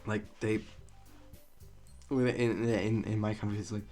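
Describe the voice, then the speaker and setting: A man's voice: lowish voice, level tone, slow, a little mellow, soft background music. A young man giving rambling, casual commentary on a game he is playing, swearing freely and laughing at his own jokes. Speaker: let's play gamer.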